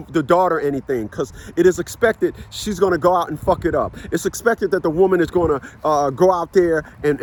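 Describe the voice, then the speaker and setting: A man vlogging outdoors while walking his dogs, lecturing in a casual, repetitive, emphatic way. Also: slight background noise. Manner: rising to high shouting pitch when worked up. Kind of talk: casual preachy monologue.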